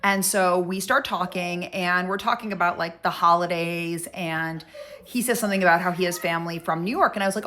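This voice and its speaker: A woman's voice: lowish voice, steady tone, a little fast, pushed and bright, a little hiss or hum. A woman casually telling a personal story, chatty, acting out both sides of a conversation.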